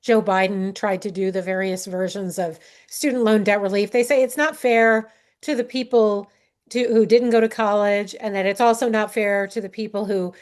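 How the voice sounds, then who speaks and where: A woman interviewer putting a measured question about an opposing argument to her guest. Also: mid-range voice, steady tone.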